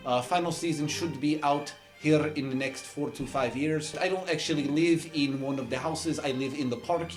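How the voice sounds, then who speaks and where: A man's voice: fairly high pitch, moderate pace, few pauses, music in the background, close to an everyday voice. A man voicing an earnest, boastful male glassblower from Georgia who speaks broken English with no articles and rambles on. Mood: chatty. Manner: earnest, rambling, bursts into loud shouts.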